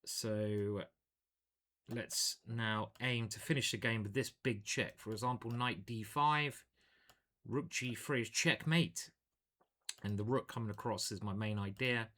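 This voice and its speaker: A man's voice: fairly low pitch, sharp tone. A man, a chess grandmaster, commentating live on his own online games in a chatty, self-deprecating way, thinking aloud at a home computer.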